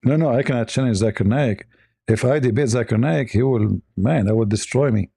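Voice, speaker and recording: A man's voice: medium pitch, a little fast, gravelly, warm tone, breathy edge, no room sound, studio quality, voice pushed down. A man voicing a meek, defensive male caller with a hesitant, stammering manner. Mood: flustered.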